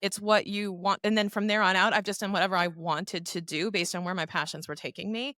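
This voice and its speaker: A woman in her thirties, a finance professional guesting on a podcast, telling stories in a lively, chatty way. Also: medium pitch, a little fast, dry recording, studio quality. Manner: animated storyteller who acts out quoted voices. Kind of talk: casual interview talk.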